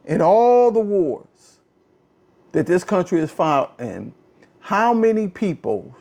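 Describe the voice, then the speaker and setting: A man hosting a casual political talk show, ranting in an animated, exasperated way, often repeating phrases and swinging from low muttering to a raised voice. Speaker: podcast host. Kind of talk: casual political commentary rant.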